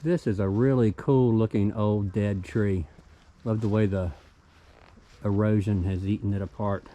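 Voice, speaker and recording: A middle-aged hiking vlogger with a Southern US accent casually narrates a forest walk, pointing out things he finds on the trail in an easygoing way and getting excited over small discoveries. His lowish, dark voice keeps a fairly even intonation and an unhurried pace. The audio is poor.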